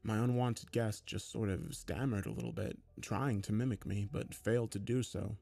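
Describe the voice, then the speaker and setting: A man narrating a first-person horror story in a steady, low-key way. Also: moderate pace, gravelly, faint music behind.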